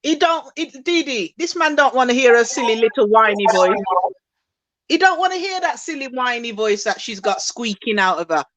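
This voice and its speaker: A woman's voice: on the high side, lively intonation, moderate pace, fairly bright tone, poor audio. A woman co-hosting a casual reality TV recap, blunt and outspoken in her opinions. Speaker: co-host.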